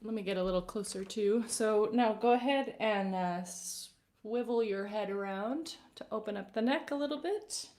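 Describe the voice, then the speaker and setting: Gentle woman vocal coach, roomy sound. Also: medium pitch, moderate pace. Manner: gentle, encouraging, greets viewers by name. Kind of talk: live-streamed vocal warm-up instruction. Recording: roomy echoey live-stream audio.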